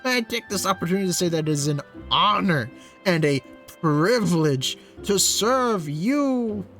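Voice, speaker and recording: A man's voice: sits high, animated, moderate pace, fairly bright tone, soft background music. A man voicing a fawning, obsequious male servant in a video game, over-polite and gushing.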